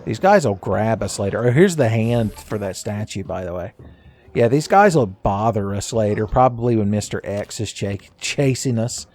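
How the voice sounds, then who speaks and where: A man giving casual, joking commentary while playing a game, his voice a little raspy today and often breaking into laughs at his own asides. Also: fairly low pitch, lively intonation, moderate pace, darkish tone. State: slightly raspy voice. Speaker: gaming commentator. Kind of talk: casual let's-play commentary.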